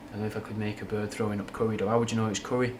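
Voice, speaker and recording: He speaks very fast in a fairly low, level, darkish voice, a young Mancunian with a touch of Scouse rambling candidly through viewers' questions on a casual livestream. Slang and swearing abound, with a little hiss or hum underneath.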